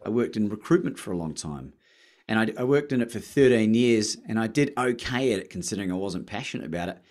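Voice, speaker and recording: A man from Australia with an Australian accent, a podcast guest telling his story in casual chat, lively and acting out phone calls. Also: on the low side, fast talker. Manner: animated, acts out phone calls with rising excitement.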